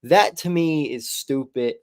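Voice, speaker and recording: A man's voice: a little high, lively intonation, unhurried, vocal fry, clear, resonant tone. A young man co-hosting a casual sports podcast. He is opinionated and swears casually. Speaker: podcast co-host.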